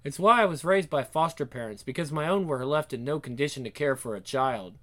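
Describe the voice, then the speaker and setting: A man's voice: on the high side, fairly quick, pushed and bright. A man voicing an earnest young superhero woman who explains herself at length.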